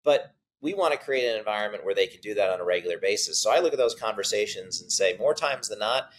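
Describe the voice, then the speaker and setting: A man's voice: lowish voice, quick pace, slight background noise, poor audio. A middle-aged man, a startup CEO, answering interview questions in a conversational way and acting out quotes as he tells stories. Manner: animated storyteller, acts out quotes.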